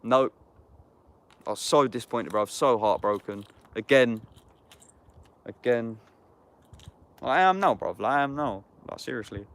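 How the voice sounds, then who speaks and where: A man's voice: mid-range voice, animated, unhurried, pauses often, fairly bright tone. Blunt, sweary man. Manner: blunt, heated and sweary, saying "bruv" constantly. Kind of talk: casual livestream chat.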